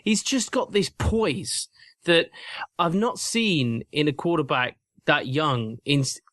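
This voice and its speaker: A man's voice: a little high, slow pace, a bit bright, no echo. A man co-hosting a sports podcast, enthusiastic and questioning in casual chat. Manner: enthusiastic, questioning, addresses co-host by name. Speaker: podcast co-host.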